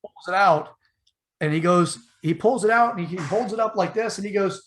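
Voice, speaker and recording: A man's voice: sits high, normal speed. Rambling man spinning a story. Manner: animated retelling, acts out the voices in his story; loose and rambling, with many fillers and restarts. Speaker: podcast host telling a story. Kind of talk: casual storytelling.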